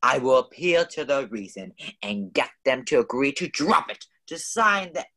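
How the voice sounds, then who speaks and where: A man's voice: mid-range voice, big pitch swings, normal speed, sharp tone. A man voicing a stuffy, lecturing husband who declaims in a pompous way, as in a radio play.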